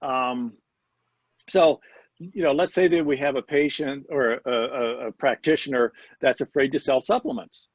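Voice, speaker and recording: A man's voice: medium pitch, unhurried, no echo, muffled recording. A man mentoring health practitioners, chatting in a casual interview and acting out quoted dialogue as he tells stories. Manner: storytelling, acts out quoted dialogue. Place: Denver area.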